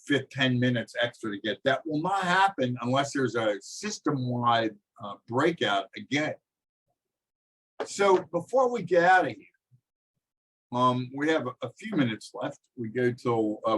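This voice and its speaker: A middle-aged man teaching a college class over a video call, talking in halting bursts with many fillers and restarts. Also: medium pitch, a bit bright, low-quality recording. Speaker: college instructor. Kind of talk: online class lecture.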